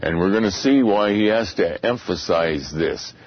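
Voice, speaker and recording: A man teaching a Bible study lecture, speaking deliberately and repeating phrases for emphasis. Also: low-pitched, lively intonation, dry recording, dull audio.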